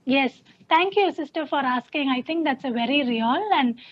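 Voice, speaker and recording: High-voiced woman giving a talk. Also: moderate pace. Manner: earnest, repeats phrases for emphasis. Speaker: guest speaker, counselor. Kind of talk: sermon-style talk. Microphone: video call. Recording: dull, dry video-call audio.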